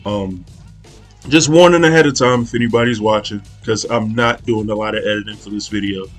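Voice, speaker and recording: A man's voice: lowish voice, a little fast, soft background music. A young man casually talking through an art study, rambling and hesitant, with many fillers and restarts. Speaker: art channel host.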